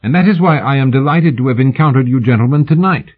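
A man voicing a cordial, mild-mannered Victorian gentleman journalist, smoothly polite. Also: medium pitch, fast, voice pushed up, lightly acted. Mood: ingratiating. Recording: narrow phone-like audiobook sound.

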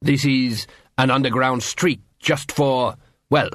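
A man doing a sharp, reasoning dwarf. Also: medium pitch, fairly even intonation, dry recording, clean studio sound. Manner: quick-thinking, explaining, reasoning aloud. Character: sharp, curious young male dwarf. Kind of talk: audiobook character voice.

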